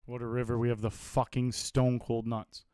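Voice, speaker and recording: A man streaming online poker, chatting casually about his hands and results, blunt, self-mocking and quick to swear. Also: mid-range voice, little pitch movement, mellow, clear, resonant tone, no room sound, clean studio sound. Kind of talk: casual live-stream commentary.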